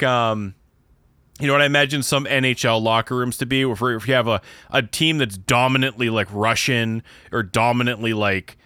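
Bright-voiced rambling man with a Pennsylvania accent. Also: mid-range voice, smooth, no echo, clean studio sound. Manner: rambling, many restarts and fillers. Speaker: podcast co-host. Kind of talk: casual chat.

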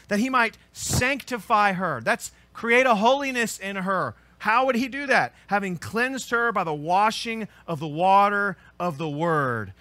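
Bright-voiced, high-pitched preaching pastor. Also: male voice, no echo. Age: adult with children. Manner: earnest preaching, rising to emphatic peaks then dropping low. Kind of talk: sermon.

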